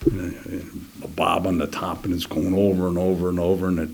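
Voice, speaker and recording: An older man telling a personal war story in an interview, halting and restarting, sometimes dropping to a near whisper. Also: sits low, level tone, creaky, a little mellow. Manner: halting, many restarts, drops to a near whisper at key moments; acts out other soldiers' words in quick quoted voices. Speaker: interview guest.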